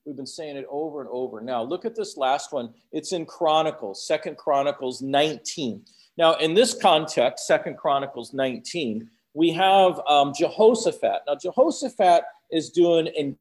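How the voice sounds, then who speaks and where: A man preaching a sermon, chatty in his asides and booming as he quotes scripture. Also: expressive, normal speed, darkish tone.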